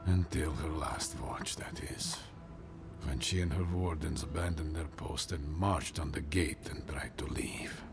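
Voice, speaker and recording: A man's voice: extremely low pitch, steady tone, measured pace, creaky, over music, full character voice. An actor playing a weary male warden captain bound by his oath, speaking solemnly and measuredly, trailing into near-whispers.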